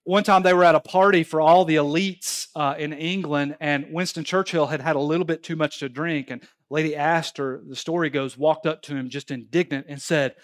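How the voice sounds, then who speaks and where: A man's voice: fairly high pitch, fairly quick, hardly any pauses. A male pastor preaching a sermon at a church service, telling stories and pressing his points emphatically. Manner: animated, emphatic storytelling preacher.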